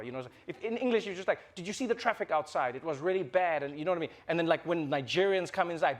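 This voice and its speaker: A man's voice: a little high, animated, quick pace, few pauses, a crowd in the background, background noise. A man answering questions in a chatty, playful way, thinking aloud. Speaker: comedian answering audience questions. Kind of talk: casual Q&A.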